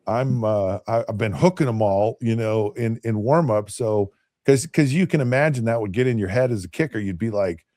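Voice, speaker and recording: Mellow-voiced man telling rambling stories. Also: medium pitch, no echo, clean studio sound. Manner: rambling, with frequent restarts and repeated words. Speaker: podcast host and former NFL quarterback. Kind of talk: casual anecdotal storytelling.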